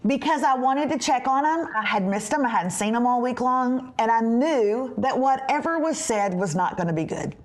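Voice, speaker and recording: A woman in her fifties hosting a podcast, telling stories in an animated, chatty way. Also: a little high, moderate pace, hardly any pauses. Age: 50s. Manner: animated, chatty, acts out quotes. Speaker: podcast host. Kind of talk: casual storytelling chat.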